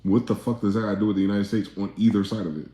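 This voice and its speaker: A man's voice: on the low side, little pitch movement, racing, mellow, echoey room. A man from New Jersey hosting a livestream, rambling, profane and ranting as he reads out chat comments. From East Orange, New Jersey. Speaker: livestream host.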